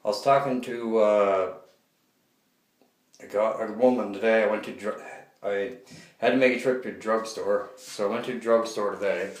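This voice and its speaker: Low-voiced man rambling in an echoey room. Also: steady tone, normal speed, long pauses. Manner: repetitive, profane storytelling, keeps saying "I said". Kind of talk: rambling monologue vlog. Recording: roomy echo.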